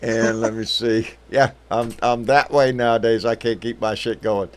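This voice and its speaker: A man's voice: medium pitch, steady tone, normal speed. A man with a Texan accent hosting a casual livestream chat, folksy and affectionate, calling guests baby and darling. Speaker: livestream show host.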